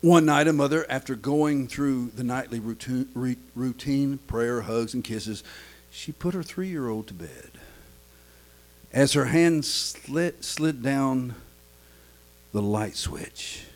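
A man's voice: mid-range voice, animated, measured pace, poor audio. A man pastor preaching a sermon, with a chanting cadence and frequent "uh" fillers.

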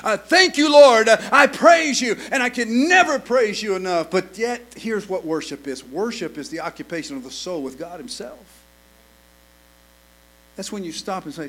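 A man preaching a sermon, repeating phrases and building to loud, emphatic calls with frequent "uh" fillers. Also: high-pitched, lively intonation, moderate pace, slight background noise.

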